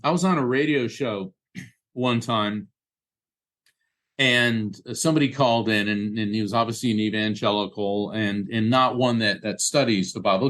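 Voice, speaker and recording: A man talking in a relaxed interview, telling stories and explaining history with lively asides. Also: mid-range voice. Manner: animated storyteller, acts out voices in quotes. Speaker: guest, medium and lecturer. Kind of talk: casual conversation.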